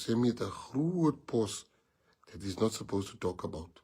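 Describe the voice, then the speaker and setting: With a lowish, dark, husky voice, he moves at a moderate pace and keeps his intonation lively. This party leader, speaking with a South African accent, rallies his members emphatically, repeating phrases and mixing in Afrikaans.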